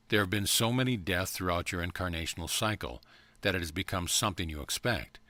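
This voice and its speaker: A man with a very low, deep voice reads a channeled spiritual message in a calm, measured, evenly paced way. The recording is dry and close, with no room sound around him. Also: no room sound. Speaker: audiobook reader.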